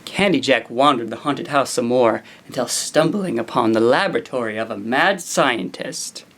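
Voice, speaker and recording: A man's voice: mid-range voice, lively intonation, moderate pace, a bit bright, slight background noise. A man narrating a story with casual, wry asides. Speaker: narrator and reviewer.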